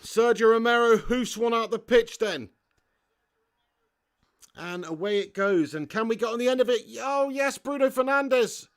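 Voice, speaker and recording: A man hosting a live football watch-along, reading viewer chat aloud, swearing freely and bursting into shouts at big moments. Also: very high voice, unhurried, smooth. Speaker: fan channel host. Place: home setup in front of a green screen.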